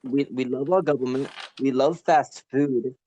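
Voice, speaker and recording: A man's voice: medium pitch, steady tone, a little slow, warm tone, a little hiss or hum. A teenage man co-hosting a casual comedy podcast, talking in a hesitant way with lots of fillers and restarts. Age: late teens. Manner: hesitant, filler-heavy, stammering delivery. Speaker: podcast co-host.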